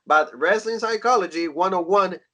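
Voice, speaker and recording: A man co-hosting a wrestling podcast, recapping events in a relaxed way with lots of "you know". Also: sits high, normal speed. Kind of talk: casual podcast chat, recapping.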